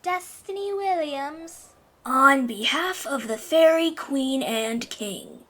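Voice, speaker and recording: Fantasy audio drama: woman as a tiny, jittery fairy herald, shrill and lively. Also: slow, exaggerated voice. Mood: formal. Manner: apologetic, stumbling over its lines. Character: flustered nervous fairy messenger, small and shrill.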